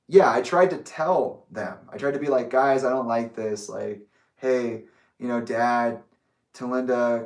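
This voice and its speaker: Candid young man rambling in an echoey room. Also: medium pitch. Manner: rambling and candid, with restarts and swearing. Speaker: vlogger. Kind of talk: personal reflective monologue. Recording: roomy echo, distant from the mic.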